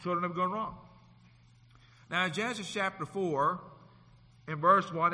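Male pastor, middle-aged, high and bright voice, impassioned sermon, church hall reverb. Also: a little slow, long pauses. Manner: impassioned preaching with scripture reading in King James English. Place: church sanctuary.

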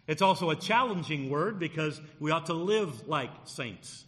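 Male pastor, bright and forceful tone, punchy emphasis on key words, long hall echo. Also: a little high, lively intonation, normal speed. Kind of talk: sermon.

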